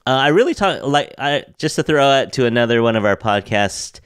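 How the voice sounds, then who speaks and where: An American man hosting a podcast, chatting casually, laughing often and animated in his delivery. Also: mid-range voice, a little fast, clean tone, no echo, clean studio sound. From United States. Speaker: podcast host. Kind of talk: casual interview chat.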